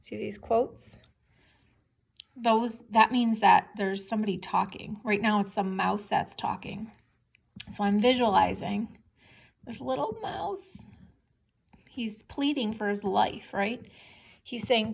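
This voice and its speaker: A woman teacher reads a story aloud to young children and pauses often to ask whether they can picture the scene. She speaks slowly, with a gravelly fry in her voice. Her manner is patient, and she keeps checking what they understand. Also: mid-range voice. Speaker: second-grade teacher.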